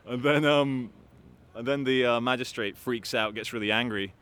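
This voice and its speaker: A man telling a story to camera in an animated, profane, rambling way. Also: medium pitch, moderate pace, clear, resonant tone. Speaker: activist vlogger.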